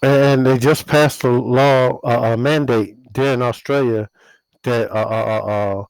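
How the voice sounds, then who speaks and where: A man preaches outside on his porch, stumbling over strings of repeated words before pressing on with his warnings. His voice sits at a middle pitch. The sound is close and dry, with no room around it. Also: fairly even intonation, vocal fry, smooth, no echo, poor audio. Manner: halting, many repeated fillers and restarts. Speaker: religious video host. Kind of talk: casual street sermon. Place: outdoors on a house porch.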